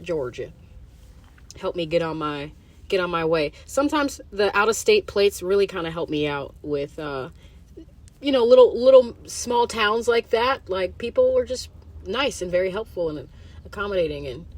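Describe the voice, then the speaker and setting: Rambling, profane woman podcaster, lowish voice. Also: normal speed. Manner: rambling and profane, full of fillers. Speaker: podcast host. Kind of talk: casual solo monologue.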